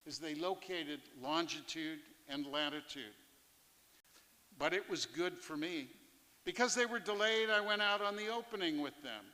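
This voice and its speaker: Guy reading a sea story on stage, bright edgy tone, echoey theatre. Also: on the high side. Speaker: fisherpoet performer. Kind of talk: reading a first-person fishing memoir on stage. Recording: live theatre with long reverb.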